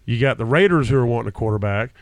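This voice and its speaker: A man's voice: medium pitch, animated, rapid-fire, no echo. A man co-hosting a casual football talk show who rambles and acts out what the teams might say. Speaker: podcast co-host. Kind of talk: casual sports chat.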